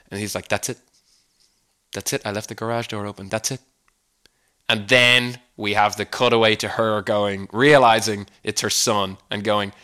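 A man's voice: fairly low pitch, bright, forceful tone. A man with an Irish accent hosting a comedy podcast, rambling wryly with chuckling asides. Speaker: podcast host. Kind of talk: comedic solo monologue.

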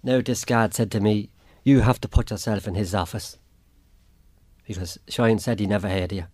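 A man's voice: fairly low pitch, fairly even intonation, moderate pace, a little mellow. An Irish man giving a plain spoken account as an interview guest, acting out what others said to him. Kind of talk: personal account in a radio interview.

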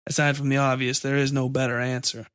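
A man voicing a resigned, fatalistic man who talks slowly and drops Spanish curses. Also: medium pitch, little pitch movement, fairly bright tone, smooth, no room sound, studio quality, lightly acted. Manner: slow, resigned, occasionally cursing in Spanish.

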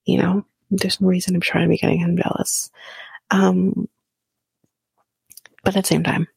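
A woman's voice: on the low side, level tone, moderate pace, gravelly, darkish tone, slightly rough, no echo. A woman giving a whispered reality TV recap in a casual, profane way, laughing now and then as she talks.

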